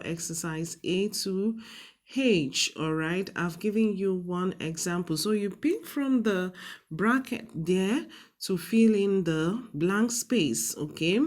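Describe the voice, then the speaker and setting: Woman teacher on tv, real slow and patient, keeps asking okay? all right?. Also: medium pitch, darkish tone. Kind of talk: classroom lesson on TV.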